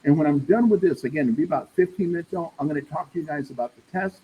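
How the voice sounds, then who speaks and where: Rapid-fire and fairly high-pitched, with a slightly rough voice, a man lectures a math class casually, chatting and checking in with the room. He calls everyone "y'all" and keeps asking "right?". The audio sounds dull.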